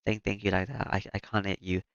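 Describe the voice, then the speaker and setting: A man voicing a weeping, guilt-ridden young woman, reading her lines quietly with stammers. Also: fairly low pitch, level tone, fast talker, vocal fry, no echo. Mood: anguished. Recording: lo-fi with loud music behind.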